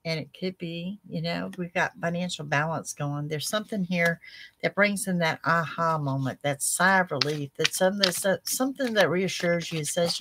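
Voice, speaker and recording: A woman reading tarot cards for her viewers in an animated, chatty way, talking straight to them. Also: lowish voice, normal speed, noisy background. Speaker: psychic tarot reader.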